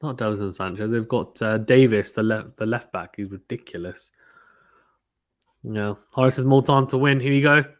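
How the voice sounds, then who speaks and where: A man from the United Kingdom hosting a casual live cricket watchalong, reading viewer comments aloud and getting excited at big shots. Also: fairly low pitch, normal speed. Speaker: host reading live chat.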